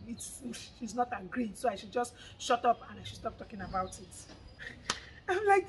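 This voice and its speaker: A woman's voice: a little high, normal speed, background noise. A young woman, telling a personal story to her vlog audience and acting out the conversation with her friend. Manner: animated, quotes friend's words in lively retelling. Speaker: vlogger. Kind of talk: casual storytelling to camera.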